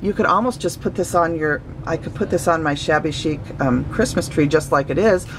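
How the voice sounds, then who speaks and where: A woman's voice: sits low, fairly quick, noisy background. A woman opening handmade gifts on her craft vlog, gushing and sentimental, with many fillers. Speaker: craft vlogger. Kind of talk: casual gift-opening vlog.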